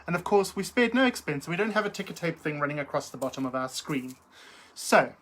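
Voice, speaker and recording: A middle-aged woman hosting a live chat, reading out viewer comments in a camp, theatrical, giggly manner. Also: on the low side. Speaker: livestream host.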